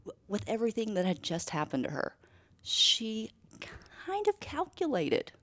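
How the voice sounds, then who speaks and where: A woman co-hosting a podcast in casual chat, animated and emphatic, with swearing asides. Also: fairly high pitch, unhurried. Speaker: podcast co-host.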